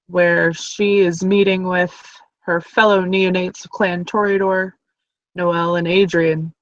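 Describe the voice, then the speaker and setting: A game master setting a scene in a tabletop role-play, narrating in a relaxed way with many fillers. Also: mid-range voice, no room sound, muffled recording.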